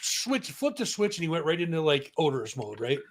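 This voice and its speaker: A man's voice: a little high, sing-song, fairly quick. A man co-hosting a music talk show, telling a story in casual chat and acting out the voices of the people in it.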